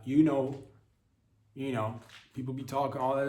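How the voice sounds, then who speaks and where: A man's voice: medium pitch, flat delivery, normal speed, pauses often, darkish tone. Rambling man ranting in a roomy echo. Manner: mock-serious rants, rambling with many restarts and fillers. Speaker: comedy podcast host. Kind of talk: absurd deadpan comedy monologue.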